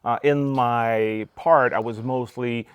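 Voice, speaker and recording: A man's voice: mid-range voice, steady tone, slow pace, clean tone, no room sound, highs cut off. A man hosting a casual backstage interview at a conference, upbeat and chatty with frequent filler words. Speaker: podcast host. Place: conference venue in a cinema.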